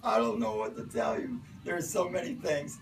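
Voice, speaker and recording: An older man telling a rambling personal anecdote, acting out voices and breaking into shouts. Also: a little high, moderate pace. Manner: animated, acts out voices and shouts in his stories. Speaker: storyteller. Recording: distant mic with loud music behind.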